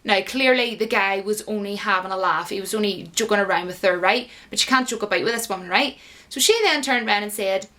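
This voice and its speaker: A woman's voice: mid-range voice, brisk, a bit bright. A woman giving a casual, indignant and sarcastic rant as a commentator, full of fillers. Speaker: YouTube commentator.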